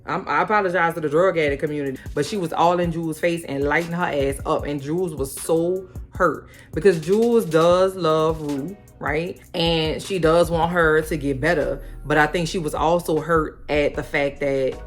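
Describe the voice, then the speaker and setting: Low-voiced woman in an animated recap chat. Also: normal speed, hardly any pauses, faint music behind. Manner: animated, colloquial, acts out characters' lines. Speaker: recap vlogger.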